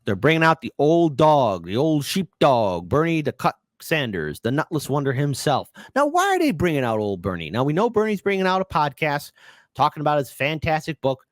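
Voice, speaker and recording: A man's voice: fairly high pitch, wildly swooping pitch, moderate pace, dry recording, clean studio sound. A man hosting political commentary, ranting in a sarcastic, heated, exclamatory way.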